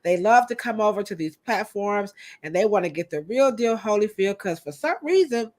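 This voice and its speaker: A woman co-hosting a hair podcast in a chatty, animated way, turning often to her co-host. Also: mid-range voice, moderate pace, few pauses. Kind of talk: casual podcast chat.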